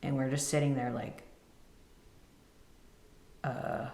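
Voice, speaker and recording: Her bass voice is gravelly and dark, slow and level in tone, and the recording is reverberant. This podcast host in her thirties emotionally recounts a personal story, quoting others and playing their parts.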